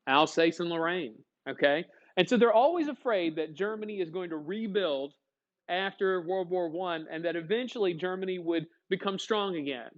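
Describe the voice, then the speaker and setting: A man's voice: high-pitched, expressive, moderate pace, dull audio. A male history teacher giving a chatty classroom lecture, asking the class questions in a folksy way.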